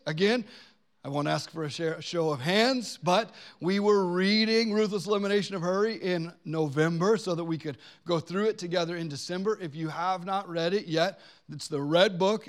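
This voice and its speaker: Conversational male pastor preaching. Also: sits high. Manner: conversational, joking with the congregation, slows down for weighty lines. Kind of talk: sermon. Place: church gathering with a congregation present.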